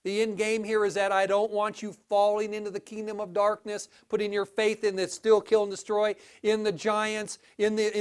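A man preaching a sermon in a church, animated, with sudden rises to exclamations, drops to low asides, and frequent restarts. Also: clean tone. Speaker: pastor.

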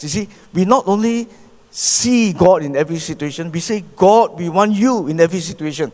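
A middle-aged Malaysian pastor giving a sermon in a church, with animated preaching and frequent rhetorical questions. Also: male voice, high voice, a little fast. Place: church hall. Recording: long church hall reverb.

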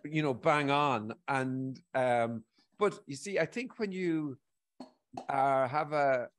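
Taking it slowly with a medium-pitched voice, the forty-something guest from Ireland rambles through a casual chat, lively and cursing often.

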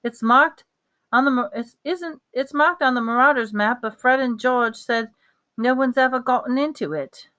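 A woman's voice: high voice, moderate pace, fairly bright tone, voice pushed up. A woman reading as a grim, panting teen boy wizard. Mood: urgent. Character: urgent teenage boy wizard, grim and determined.

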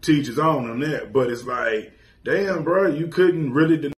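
A man's voice: a little high, unhurried. Man calling in, questioning and rambling. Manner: questioning, searching, rephrasing his points. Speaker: caller. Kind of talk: call-in commentary.

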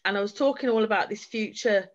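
A woman's voice: mid-range voice, quick pace, dull audio. A woman giving an earnest, heartfelt personal testimony as a guest speaker at a forum, talking in long flowing runs. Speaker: guest speaker sharing her experience.

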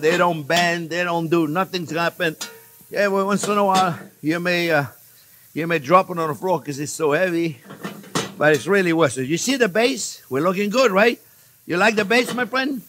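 A man's voice: high voice, noisy background. An older man hosting a cooking show, chatting and joking with his viewers as he demonstrates a recipe in a kitchen. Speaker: chef and cooking show host. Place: home kitchen.

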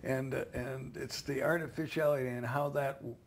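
A man with a mid-range voice and a gravelly edge thinks aloud in an interview. He turns his points into questions for himself and speaks in a relaxed, reflective way. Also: medium pitch, moderate pace, slight background noise. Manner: musing, asks himself questions. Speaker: interviewee, playwright.

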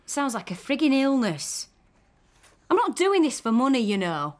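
An actress playing a blunt, chatty working-class client, who talks in a plain, colloquial way. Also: female voice, high voice, sing-song, moderate pace, darkish tone. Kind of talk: radio drama.

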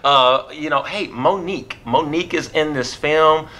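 A man's voice: on the high side, moderate pace, sharp tone. A man co-hosting a movie review, chatting casually, joking and laughing often.

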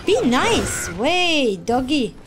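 A woman streamer giving excitable live reaction commentary on a video game, shrieking, gasping and talking to the characters on screen. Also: sits high, drawn-out words, heavy background noise. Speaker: gaming streamer.

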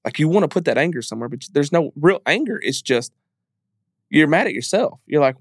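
A man's voice: on the high side, very animated, fairly quick, no echo, studio quality. A man speaking as a podcast guest in a candid interview, earnest and emphatic, repeating phrases as he talks openly about grief.

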